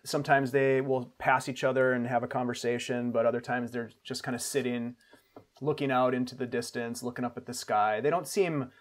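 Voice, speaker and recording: A man serving as game master, setting the scene at a steady, descriptive pace and restarting phrases now and then. His voice sits in a middle pitch. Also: fairly quick. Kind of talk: narrating a tabletop game.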